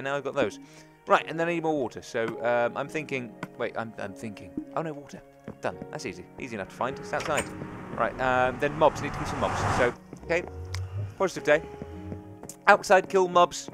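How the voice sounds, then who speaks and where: A man's voice: medium pitch, moderate pace, over music. A man hosting a gaming let's play, thinking aloud as he plays and chatting eagerly to his viewers. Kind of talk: gameplay commentary.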